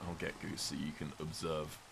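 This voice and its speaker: A man's voice: rumbling low, completely flat delivery, moderate pace, vocal fry, background noise. A British man streaming a game, chatting casually and rambling as he reads viewer messages aloud. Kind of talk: casual gameplay chat.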